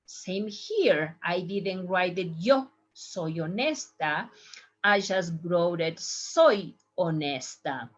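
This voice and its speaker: A young Ecuadorian woman, a native Spanish speaker with an Ecuadorian accent, teaching a Spanish lesson from slides and slowly modeling pronunciation. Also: on the low side, expressive, lo-fi sound. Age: young adult. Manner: slow, deliberate modeling of pronunciation. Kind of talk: slide-based language lesson.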